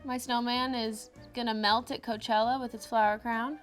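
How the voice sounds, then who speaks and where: A woman's voice: a little high, little pitch movement, moderate pace, soft background music. A woman hosting a cooking show, chatting playfully through a casual baking demonstration and filling her speech with fillers.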